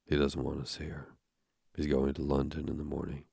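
A man reading the lines of a thin, neat old manservant with a husky voice, formal and stiff, in an audiobook. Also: rumbling low, completely flat delivery, fairly quick, mellow, no room sound, clean studio sound, heavily acted. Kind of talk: audiobook narration.

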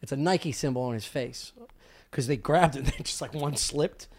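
A man hosting a casual comedy podcast, telling loud, rambling stories with lots of laughter and swearing. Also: mid-range voice, normal speed. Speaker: podcast host.

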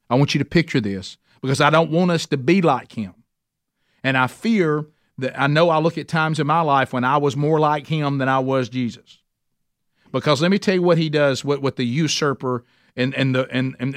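A man teaching a men's Bible study, preaching emphatically, slowing down to stress points and speeding up when fired up. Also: medium pitch, no room sound, clean studio sound.

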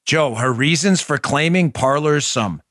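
A man's voice: a little high, unhurried, fairly bright tone, no echo, studio quality. Heated, sarcastic male show host. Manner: sarcastic and mocking; emphatic and heated. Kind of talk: political commentary show.

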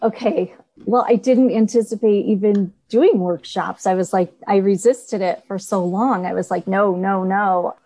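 Woman artist, warm and mellow, dry close sound, earnest animated storyteller on a call. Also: medium pitch, unhurried, no room sound, rough recording. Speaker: artist and coaching student. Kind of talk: coaching call.

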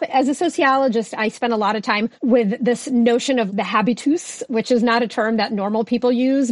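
A woman sociologist explaining her research concepts as a guest on a podcast, in a clear lecture-like way. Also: on the high side, no room sound. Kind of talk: podcast interview answers.

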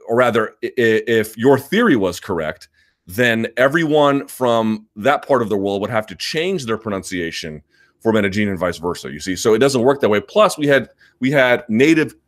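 A male host of a sports live chat, answering viewer comments in an emphatic, argumentative way and repeating his points. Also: lowish voice.

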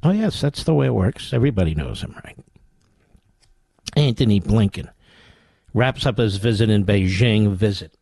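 A man's voice: lowish voice, lively intonation, moderate pace, vocal fry, long pauses, darkish tone, husky, no echo. Guy ranting on political talk radio, sarcastic, voice jumps all over, dry sound. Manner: sarcastic, combative, mocking. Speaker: radio talk show host.

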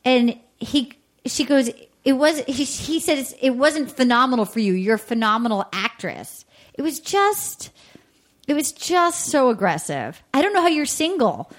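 A woman hosting a podcast, chatting excitedly about a reality show and quoting its cast in quick bursts. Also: sits high. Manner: excitable, gushing, quotes people in bursts. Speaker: podcast host. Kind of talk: casual chat.

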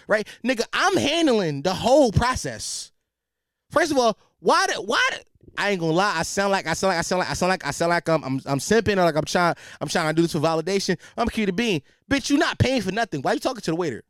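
High, lively young man ranting. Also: quick pace, dry recording, clean studio sound. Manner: animated, profane, slangy, repeats himself. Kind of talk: comedic rant.

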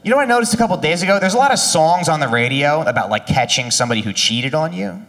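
A man's voice: on the high side, lively intonation, fast, a bit bright, long reverb tail. A man doing stand-up comedy with a dry, conversational delivery.

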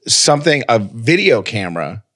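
A radio host chatting casually and telling a story with many restarts, nursing a lingering cough. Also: male voice, medium pitch, sing-song, moderate pace, fairly bright tone, no echo, clean studio sound. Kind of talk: casual chat.

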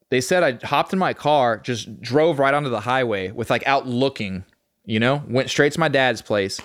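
A man's voice: medium pitch, no room sound, studio quality. Man telling stories, casual and profane. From Texas. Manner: profane, streetwise, lively recounting. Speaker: podcast guest. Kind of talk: casual storytelling.

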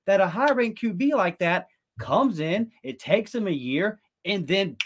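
A man co-hosting a sports talk show, making his case in an earnest, argumentative way with quick bursts of speech. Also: high voice, lively intonation. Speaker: podcast co-host.

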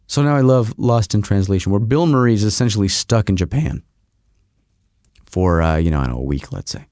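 A man hosting a podcast, telling a rambling story in a casual, animated way with frequent restarts. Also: lowish voice, fairly quick, no echo, clean studio sound. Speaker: podcast host. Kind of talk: casual monologue.

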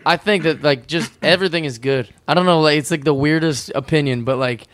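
A young man chatting casually as a podcast guest, animated and swearing freely as he acts out quotes. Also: fairly high pitch, a little fast, a little hiss or hum.

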